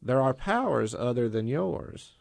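A man reading a story voices a proud, quick-tempered woman writer who fires back indignant retorts. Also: medium pitch, very animated, vocal fry. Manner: sharp retorts, indignant questions.

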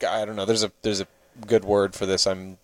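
A man's voice: lowish voice, flat delivery, a little fast, a little mellow. A man co-hosting a casual chat, teasing his partner and often hesitating mid-sentence. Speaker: co-host.

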